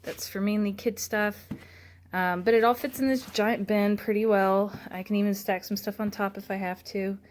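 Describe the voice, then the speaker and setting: A woman's voice: medium pitch, steady tone, moderate pace. Woman, young adult, casual vlogger, rambling tour, faint hiss behind. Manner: chatty, many fillers and restarts. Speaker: vlogger giving a studio tour. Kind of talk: casual chat.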